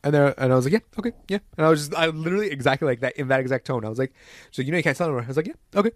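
Young man, quick swearing storyteller, dry sound. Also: mid-range voice, no room sound. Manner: profane, acts out quoted voices. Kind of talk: casual storytelling chat.

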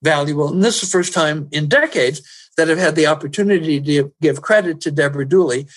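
A man who works as a personal growth trainer, telling stories in an interview, animated and rising loud at the dramatic moments. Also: fairly high pitch, a little fast. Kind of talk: storytelling in an interview.

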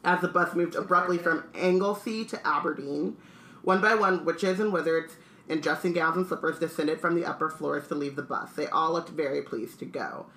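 A podcast co-host reading a novel aloud and chatting casually in an animated way. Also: medium pitch, normal speed, echoey room. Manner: animated, laughs while riffing.

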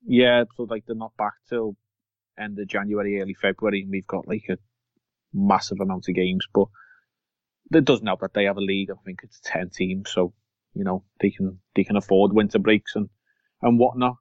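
Speaking at a moderate pace in a steady, lowish voice, this football podcast co-host rambles casually, full of fillers and restarts. There's no room sound, and the audio has a dull lo-fi quality.

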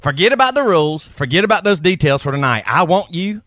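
A man's voice: very animated, fast talker, a bit bright, no echo, studio quality. A man hamming up Travis, a crude Southern redneck. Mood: crude, boastful. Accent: Southern US, South Carolina. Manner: exaggerated drawl, high and hammy.

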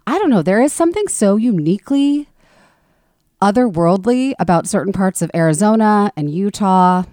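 A woman with a husky voice co-hosting a podcast, chatting casually and laughing often. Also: mid-range voice, lively intonation, moderate pace, dark tone, no echo, studio quality. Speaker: podcast co-host. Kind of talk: casual chat.

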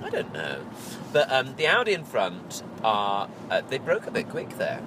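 A man's voice: medium pitch, huge pitch swings, normal speed. A man co-hosting a casual chat from the passenger seat of a car, making dry, sardonic quips. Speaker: podcast co-host. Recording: car road noise.

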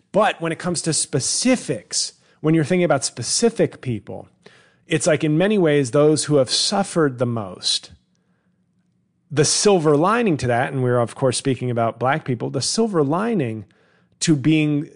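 A middle-aged male comedian hosting a solo podcast, rambling through a bit he is working on, restarting sentences and slipping into mock voices. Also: medium pitch. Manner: rambling, self-interrupting, puts on mock voices for bits.

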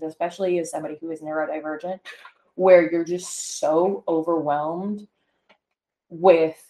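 A woman's voice: on the low side, a little mellow. A woman co-hosting a podcast in casual personal chat, candid and rambling, full of "like" and "you know", recorded at home. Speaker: podcast co-host. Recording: echoey room.

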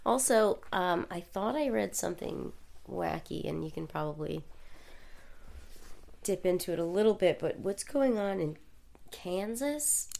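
A young woman with a low, gravelly voice chats casually as a podcast co-host. Her allergies leave her stuffy and nasal. She reacts quickly and laughs easily. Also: animated, darkish tone. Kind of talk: casual chat.

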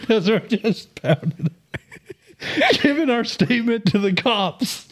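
A man's voice: very high-pitched, slow. A man hosting a casual podcast, telling a story with bursts of laughter. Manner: animated, laughs through his stories. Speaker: podcast host.

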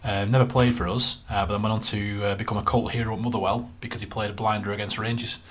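Man, lowish voice, casual podcast co-host, runs through lists of names, filler-heavy. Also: little pitch movement, fast, a bit bright. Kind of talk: casual football podcast chat.

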